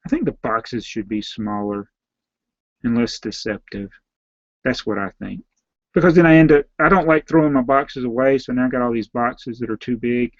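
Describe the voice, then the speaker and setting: A man with a Southern US accent, a slightly hoarse YouTube host who reads out viewer names and questions and answers them in a rambling, offhand way. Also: mid-range voice, normal speed, no echo, muffled recording. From Southern United States. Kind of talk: casual live Q&A.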